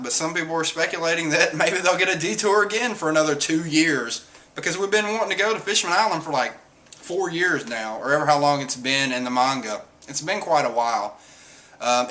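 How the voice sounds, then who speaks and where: A man's voice: a little high, bright, forceful tone. A man, casually reviewing a comic chapter in a rambling, filler-heavy way. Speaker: manga reviewer.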